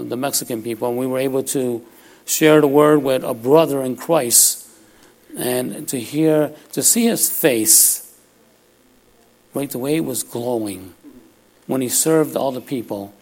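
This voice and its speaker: Man, preacher, gravelly voice, casual sermon, keeps asking "all right?", church. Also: medium pitch, darkish tone. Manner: conversational preaching, frequent "all right?" asides.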